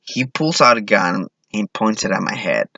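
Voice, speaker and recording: On stage, a man from Mexico tells a self-deprecating personal story, acting out the voices of what people said to him. His lowish voice is animated, creaky, bright and forceful at a moderate pace, with no echo, though the recording sounds dull and lo-fi.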